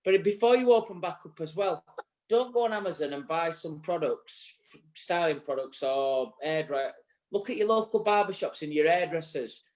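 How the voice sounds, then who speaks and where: Man, Yorkshire accent, fairly high pitch, earnest, rambling, casual talk in a bar set. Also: moderate pace, a little mellow. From England. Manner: earnest, rambling, occasionally swearing. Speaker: co-host. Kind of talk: casual live show chat.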